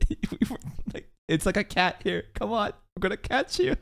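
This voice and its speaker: A man's voice: high voice, big pitch swings, moderate pace, vocal fry, fairly bright tone. A man reacting live to an anime as a streamer, laughing often, teasing the characters and swearing freely. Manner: teasing, mock-outraged asides. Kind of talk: casual live reaction commentary.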